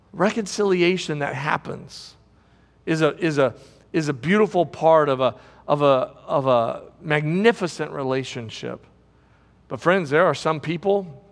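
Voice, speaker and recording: A man's voice: on the high side, a bit bright, big-room sound. A man preaching a sermon as pastor in a large auditorium, building with emphasis and repeating his phrases.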